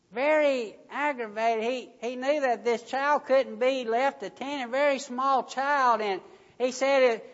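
Slow emphatic preacher in an echoing hall. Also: sits high, fairly even intonation. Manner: slow, emphatic storytelling with rising stresses. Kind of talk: sermon. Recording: dull recording, long hall reverb.

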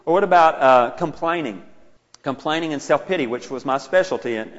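Middle-aged male preacher, fairly high voice, chatty and self-mocking, then loud; long echo in a church hall. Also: lively intonation, fairly quick. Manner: conversational, self-deprecating, rising to loud exclaiming. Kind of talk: sermon. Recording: muffled, with a long hall reverb.

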